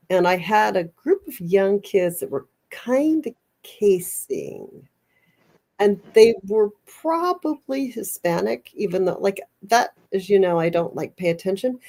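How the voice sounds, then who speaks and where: Female podcast host, lower register, casual rambling storyteller, lots of restarts. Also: dark tone. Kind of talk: casual chat.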